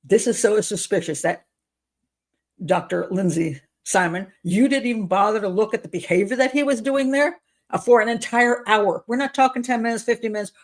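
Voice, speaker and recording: Woman profiler host, sarcastic, incredulous commentary, mid-pitched. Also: moderate pace.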